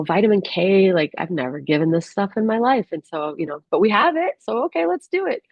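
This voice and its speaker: A woman who works as a rural doctor tells a personal story in a candid, halting way, full of restarts and fillers. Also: lowish voice, dry recording, lo-fi sound.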